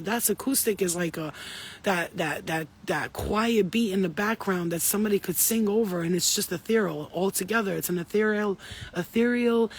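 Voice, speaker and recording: Husky-voiced woman giving a spiritual reading. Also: medium pitch. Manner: profane, emphatic, preachy. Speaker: spiritual reader. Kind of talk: intuitive spiritual reading monologue.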